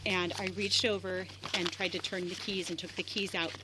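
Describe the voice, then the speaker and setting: Upset woman telling a cop what happened, halting and shaky, noisy bodycam audio outside. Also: on the low side, level tone. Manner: halting, shaken, with many restarts. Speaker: person reporting an assault to police. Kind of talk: spoken statement to an officer. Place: outdoors by a rural road.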